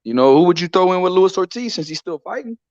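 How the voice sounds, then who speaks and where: A man hosting a casual boxing chat on a live stream, excitable and repetitive, often tacking "man" onto his sentences. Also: high voice, fast talker, no echo. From Texas. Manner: excitable, repeats himself, says "man" a lot. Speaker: boxing show host. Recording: dry, dull lo-fi stream audio.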